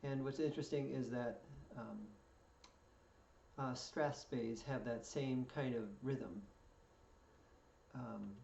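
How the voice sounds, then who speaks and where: A man's voice: mid-range voice, gravelly, mellow, a little hiss or hum. A man teaching fiddle step by step, patiently explaining notes and counting in before each play-through. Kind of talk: step-by-step music lesson. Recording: echoey room, distant mic, dull sound. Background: fiddle playing.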